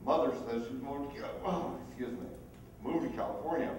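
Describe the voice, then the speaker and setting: A man's voice: medium pitch, brisk. Middle-aged man, dry wry humor, echoey. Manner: quiet, dry, wry delivery. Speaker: stepson giving a birthday toast. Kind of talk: humorous family speech. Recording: echoey hall from far off, background noise.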